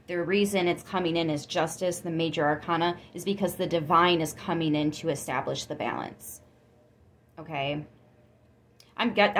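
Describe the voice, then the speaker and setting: A woman giving a casual tarot reading, chatty and excitable, with frequent gasps and laughs. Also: fairly low pitch, a little hiss or hum. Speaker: tarot reader.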